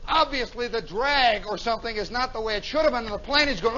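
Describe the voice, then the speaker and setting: Brief: male radio yarn-spinner live in a club, bright tense voice, animated, mimics sounds, faint hiss on old tape. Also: very high-pitched, quick pace. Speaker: radio storyteller and host. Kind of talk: live comic storytelling. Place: nightclub, live show. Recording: dull 1960s radio recording with faint hiss.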